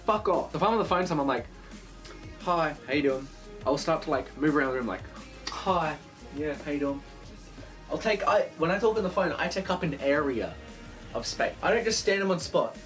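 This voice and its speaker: A young man rattles through a casual bedroom vlog at a very fast clip, his voice sitting a little high. He swears freely and slips into little acted phone voices as he goes. Faint music plays underneath. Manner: animated, swears a lot, acts out phone voices. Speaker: vlogger. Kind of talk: casual rambling monologue.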